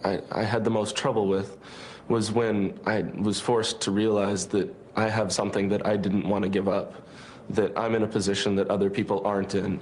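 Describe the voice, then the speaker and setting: A man's voice: lowish voice, level tone, moderate pace, darkish tone, low-quality recording. A man who took part in a workshop, reflecting hesitantly on what he learned. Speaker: workshop participant.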